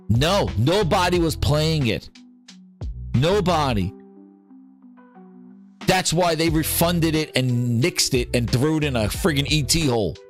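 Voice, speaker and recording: A man hosting a gaming podcast, ranting in a heated, profane and sarcastic way. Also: on the high side. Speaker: podcast host.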